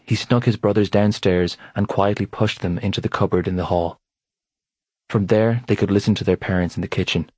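A man giving a measured, steady reading of a novel as its narrator. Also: fairly low pitch, slightly rough, dry recording. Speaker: audiobook narrator. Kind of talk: scripted narration.

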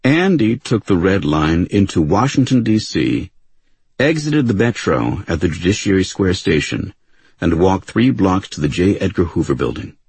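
A man narrating an audiobook in an even, unhurried storytelling manner. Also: deep voice, breathy edge. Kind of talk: scripted narration. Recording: dry close studio sound.

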